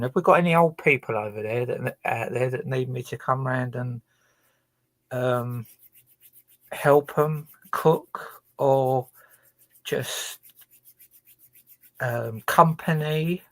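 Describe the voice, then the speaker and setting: A man's voice: mid-range voice, a bit bright, no echo. Rambling, swearing man, dry sound. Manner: rambling, hesitant, heavy swearing. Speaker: livestreamer. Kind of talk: casual livestream chat. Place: his own boat.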